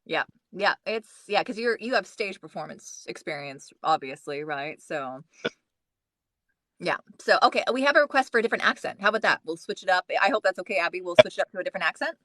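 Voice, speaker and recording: A woman hosting a casual livestream about audiobook narration, chatty and quick to laugh, with lots of restarts. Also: on the low side, lively intonation, a bit bright, dry recording.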